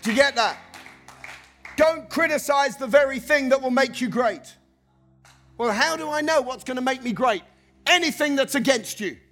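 A man preaching a passionate sermon, shouting and lilting into a sing-song delivery. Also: very high-pitched, moderate pace, pauses often, soft background music. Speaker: pastor.

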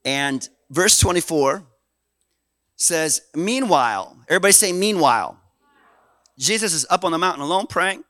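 A man from Canada preaching a sermon in an animated, folksy way, dropping low and then swelling loud. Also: normal speed, no echo. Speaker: pastor.

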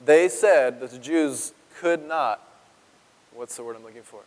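A man's voice: mid-range voice, a little slow. Conversational preacher man in a reverberant church. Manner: conversational, asks the congregation questions. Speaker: pastor. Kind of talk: sermon. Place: church sanctuary.

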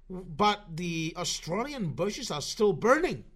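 Guy podcasting solo, slightly high voice, swears a lot, kinda slurry and sarcastic. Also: big pitch swings, slow pace, fairly bright tone. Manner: profane, sarcastic, meandering; slurring, low energy. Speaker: podcast host. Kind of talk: rambling solo podcast commentary.

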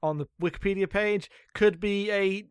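A man's voice: high voice, fairly even intonation, normal speed, clear, resonant tone, no room sound, studio quality. A man co-hosting a podcast, self-deprecating and swearing casually. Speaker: podcast co-host.

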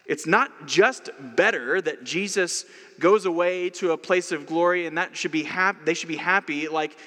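A man's voice: on the high side, normal speed, a bit bright, long reverb tail. A man preaching a sermon in a conversational way, with casual asides. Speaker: pastor.

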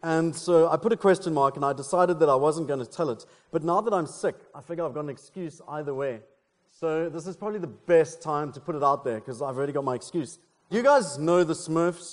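A preacher from South Africa, talking in a loose, playful way with plenty of fillers. His voice sits slightly high for a man. The sound rings with a long reverb from the church hall. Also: a little fast. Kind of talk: casual sermon with joke and prayer.

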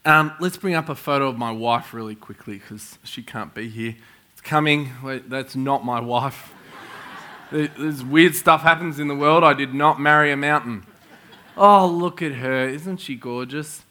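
A middle-aged man preaching a sermon to a congregation, telling stories with excitable energy and frequent chuckles. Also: medium pitch, normal speed. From Australia. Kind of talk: sermon with storytelling. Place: church in front of a congregation.

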